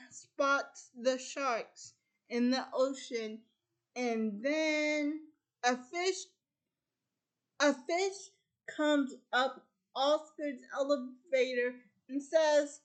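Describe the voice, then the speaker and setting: A high-pitched woman who hosts a casual chat and retells a film's plot at an unhurried pace. She strings each event onto the last with "and then," and often circles back to restart a thought. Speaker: host.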